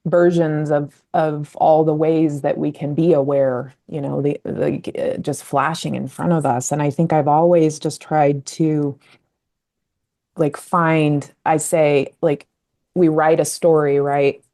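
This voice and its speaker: A woman's voice: low-pitched, little pitch movement, takes it slowly, mellow. A woman in her fifties from Colorado, a guest telling her story in a rambling, reflective and emotional way. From Colorado, USA. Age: 50s. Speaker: podcast guest, communication coach. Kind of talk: casual interview storytelling.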